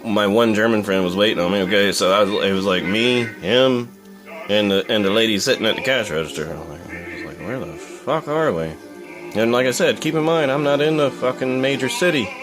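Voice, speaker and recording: A man's voice: lowish voice, brisk, over music. A young man talking in a casual, profane, rambling rant as a vlogger. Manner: profane, blunt, rambling with fillers. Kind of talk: casual ranting monologue.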